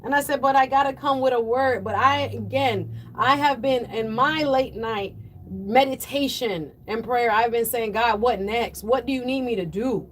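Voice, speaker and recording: A woman hosting a call-in radio show, delivering impassioned, preachy commentary that swells toward yelling. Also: a little high, moderate pace, a little hiss or hum. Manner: fiery, preachy, rising to yelling then apologizing. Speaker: radio talk show host.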